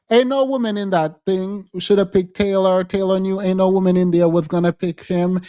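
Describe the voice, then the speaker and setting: A man's voice: high voice, normal speed, few pauses, warm tone, clean tone, dry recording. A man hosting a podcast, giving casual, emphatic reality-TV commentary and laughing often. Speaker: podcast host.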